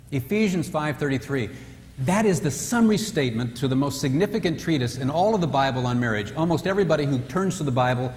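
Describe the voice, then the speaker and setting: Joking man speaking in an echoing hall. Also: on the high side. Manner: joking, acts out quoted spouses in raised voices. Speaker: marriage retreat speaker. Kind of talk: humorous marriage seminar talk. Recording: distant reverberant hall with faint ambience.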